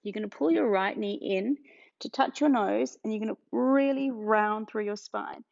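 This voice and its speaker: A woman's voice: a little high, moderate pace, vocal fry, a little mellow. A woman from Australia leading a pilates ab workout, cueing each move and counting down while out of breath. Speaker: pilates instructor. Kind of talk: guided workout instruction. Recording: dull lo-fi sound.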